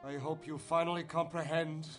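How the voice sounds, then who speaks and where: A Scottish-accented aristocrat, as played by a man in a video game, guarded and condescending, his voice sitting a touch higher than most men's. Faint music plays underneath his clipped, formal lines. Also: flat delivery, normal speed, a bit bright, natural voice. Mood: haughty.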